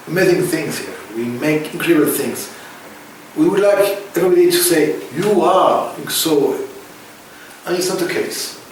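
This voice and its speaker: A man from France with a French accent, answering interview questions in halting, emphatic phrases that repeat words for stress. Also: a little high, heavy reverb, far from the mic, slight background noise, rough recording. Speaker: interview guest.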